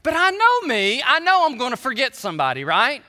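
Animated pastor, lively swooping pitch, stammers, reverberant church. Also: male voice, brisk. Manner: animated storytelling, stammering restarts. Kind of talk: sermon. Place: church sanctuary. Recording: long hall reverb.

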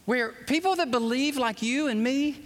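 A man's voice: very high voice, moderate pace. A man preaching a live sermon to a congregation, impassioned and repeating words as he gets worked up. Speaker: pastor. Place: church hall with congregation. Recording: long reverb of a large hall.

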